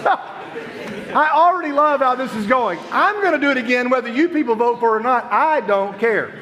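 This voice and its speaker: A man hosting a youth group night, joking with the crowd in playful, animated stage banter. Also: extremely high pitch, fairly quick. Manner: jokey and animated, laughs often. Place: large hall with audience. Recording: long hall reverb.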